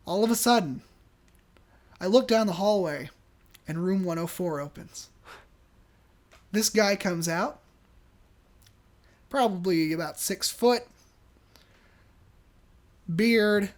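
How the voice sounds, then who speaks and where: A man co-hosting a podcast, telling a job story in an animated way and laughing often. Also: sits high. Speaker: podcast co-host. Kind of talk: casual storytelling.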